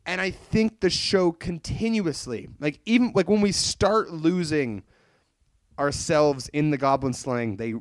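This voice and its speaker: A man hosting a casual podcast, retelling an anime plot in an animated, rambling way and swearing freely. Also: a little high, a little slow, no room sound. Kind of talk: casual chat reviewing an anime.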